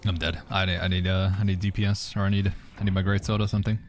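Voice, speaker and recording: A man with a fairly low voice talks in a loose, relaxed way while he plays a game live, answering questions from his chat. He speaks over faint background music. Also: quick pace. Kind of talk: casual gaming commentary.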